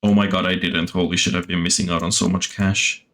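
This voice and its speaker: Low-voiced man rambling over gameplay. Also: little pitch movement, fairly quick, fairly bright tone. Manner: rambling, many fillers, swears at the game. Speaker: gaming streamer. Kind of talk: casual gameplay commentary. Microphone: desktop mic.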